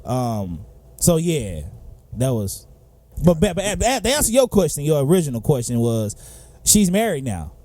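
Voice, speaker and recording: A man's voice: on the high side, big pitch swings, a little slow, hardly any pauses, dark tone, dry recording. A man co-hosting a podcast, chatting loosely with frequent restarts and laughter. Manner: loose, repetitive, laughs often. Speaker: podcast co-host. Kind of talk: casual chat.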